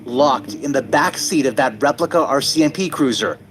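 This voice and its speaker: Measured male documentary narrator. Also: mid-range voice, lively intonation, soft background music, poor audio. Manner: measured, dramatic storytelling. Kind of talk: scripted narration.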